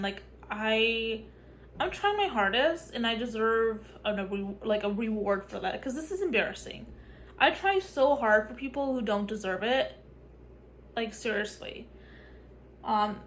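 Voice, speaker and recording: Young woman, coughing and sick, higher-pitched voice, noisy background. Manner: chatty, says "like" a lot, drops to a hushed whisper at times. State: sick with a cough and sore throat. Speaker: vlogger. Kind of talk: casual vlog monologue.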